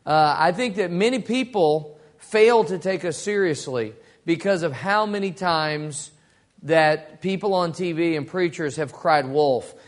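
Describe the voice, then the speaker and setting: Man, Bible study teacher, folksy storyteller, slightly high voice. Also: measured pace. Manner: folksy storytelling with acted quotes.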